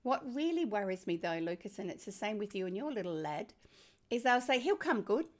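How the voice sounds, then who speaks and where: An older woman with an Australian accent, a former teacher speaking as a guest in a conversation, emphatic and animated. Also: brisk. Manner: animated, emphatic, rising to high exclamations. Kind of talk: conversational interview.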